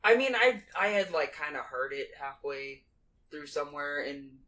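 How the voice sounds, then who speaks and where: A woman's voice: deep voice, animated, moderate pace, fairly bright tone. A woman co-hosting a podcast, chiming in with short replies and hesitant restarts about a film. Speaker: podcast co-host. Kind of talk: casual movie chat.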